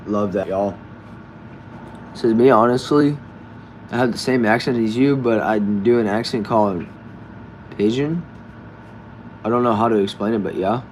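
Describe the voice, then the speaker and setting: A man casually hosting a live stream from a backyard shed, reading viewers' comments aloud and answering them in a relaxed way. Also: lowish voice, slight background noise. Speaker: livestream host reading chat.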